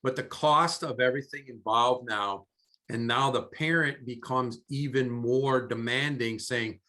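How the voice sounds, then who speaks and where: A man's voice: medium pitch, a little slow, sharp tone. A man co-hosting a casual chat, grumbling and opinionated about how things are now.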